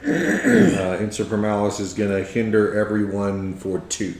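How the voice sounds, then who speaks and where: A man's voice: fairly low pitch, very animated, normal speed, gravelly, darkish tone, a little hiss or hum. A man narrating casually and playfully as the game master of a tabletop game. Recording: roomy echo, faint music.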